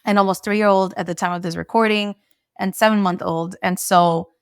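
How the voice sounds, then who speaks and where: A woman's voice: mid-range voice, steady tone, normal speed, clear, resonant tone, no room sound, studio quality. A woman hosting a podcast interview, a mother of two young children, thinking aloud and asking her guest questions. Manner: reflective, asks questions openly.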